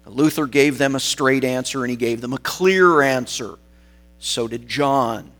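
A man's voice: mid-range voice, a bit bright. Male preacher, emphatic explanatory sermon delivery, faint mains hum. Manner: explanatory, emphatic, slows on key words.

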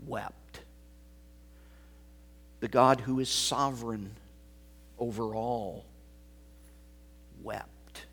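A pastor preaching a sermon, swinging from loud emphasis to hushed, almost whispered words. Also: male voice, medium pitch, husky.

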